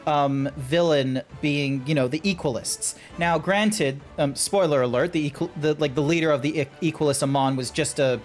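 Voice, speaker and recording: A man's voice: on the high side, normal speed, hardly any pauses, faint music behind. A man streaming a game and chatting casually with friends, rambling, swearing and laughing easily. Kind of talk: casual chat while gaming.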